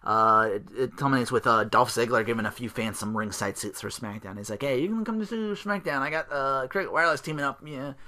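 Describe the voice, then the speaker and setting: Guy doing a solo podcast, bright kinda sharp voice, sarcastic and sweary, rambles a lot, sighs. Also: medium pitch, brisk, few pauses. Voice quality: sarcastic, profane, mocking impressions of wrestlers. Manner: rambling with many fillers and restarts, frequent sighs. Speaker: podcast host.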